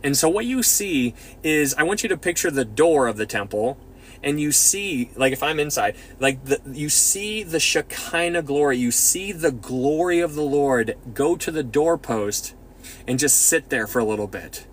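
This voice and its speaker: A man leading a casual Bible study, talking in an excitable, rambling way full of restarts. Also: fairly high pitch, normal speed, a little hiss or hum.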